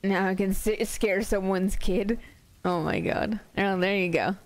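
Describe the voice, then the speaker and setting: In a medium-pitched, steady and unhurried voice with no room sound, a woman streamer casually tells spooky stories to her chat. She's playful and laughs easily in the gaps between them.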